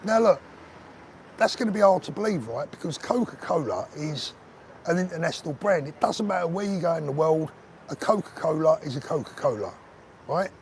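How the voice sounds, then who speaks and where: A chatty man with a slightly high voice, talking casually into a phone as he walks outside. Faint street sounds and passing cars sit behind him, and he keeps up a relaxed, bantering chat with viewers. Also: a little fast, slight background noise. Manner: chatty, banter-filled, answers viewers by name. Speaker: vlogger host reading live chat. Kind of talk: casual live-stream chat while walking. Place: outdoors on a street.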